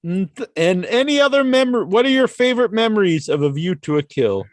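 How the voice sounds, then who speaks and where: Male co-host, animated, jokey, close dry mic. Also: high-pitched, fairly quick, no room sound. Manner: joking, laughing often. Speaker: podcast co-host reading chat questions. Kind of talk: casual chat.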